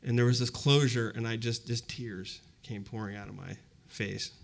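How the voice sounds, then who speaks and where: A gravelly, medium-pitched voice with a steady tone and moderate pace belongs to this university presenter in his fifties. He tells a personal story to a live audience, conversational and reflective, leaning on fillers like "you know."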